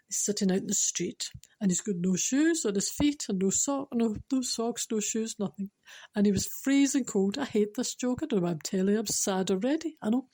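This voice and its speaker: A woman's voice: medium pitch, dark tone, slightly rough. A woman with a Scottish accent telling a moving story and giving a spiritual talk, chatty and emotional, laughing often.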